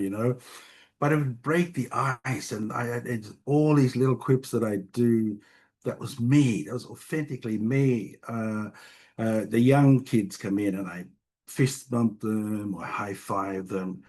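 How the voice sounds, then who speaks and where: A man's voice: medium pitch, unhurried. A middle-aged man, a family doctor telling stories in an interview, joking and restarting his sentences often. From Tonga. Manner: warm, jokey storyteller with frequent restarts. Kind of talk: storytelling interview talk.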